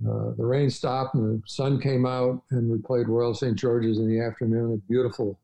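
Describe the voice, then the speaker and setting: A man's voice: mid-range voice, flat delivery, normal speed, mellow, poor audio. An older man telling travel stories as a podcast guest, rambling with many fillers and restarts. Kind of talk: casual storytelling interview.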